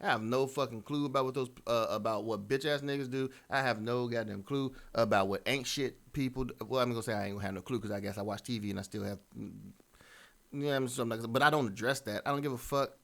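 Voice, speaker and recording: A man's voice: mid-range voice, fast, fairly bright tone. A man hosting reaction commentary, ranting with profanity and exasperation. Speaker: commentary host.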